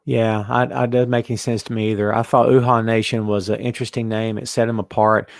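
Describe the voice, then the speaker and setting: A man hosting a casual wrestling talk show, animated and chatty, reading out listener comments. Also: on the low side, fast talker, no room sound, studio quality. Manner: animated, reads out chat comments. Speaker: podcast host.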